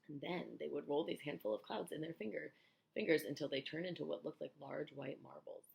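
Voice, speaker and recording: A woman reading a children's book aloud, telling it in an expressive, animated way. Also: low-pitched, a little fast, gravelly. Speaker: storyteller.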